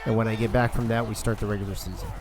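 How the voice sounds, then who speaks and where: A man's voice: on the low side, fairly even intonation, racing. A man hosting a casual live stream of a video game league, chatty and joking as he thinks aloud. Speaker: league organizer and stream host.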